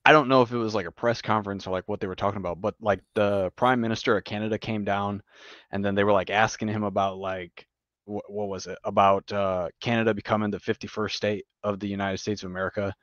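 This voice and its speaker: A man's voice: fairly low pitch, flat delivery, quick pace, a bit bright, dry recording, highs cut off. A laid-back man co-hosting a podcast, swearing freely and calling his friend bro and dude. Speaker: podcast co-host. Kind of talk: casual political chat.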